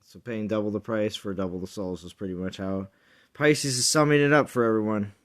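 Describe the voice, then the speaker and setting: A man's voice: on the low side, a little fast, a bit bright. Chatty male game streamer. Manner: rambling, jokey, chatty with viewers. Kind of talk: casual live-stream chat.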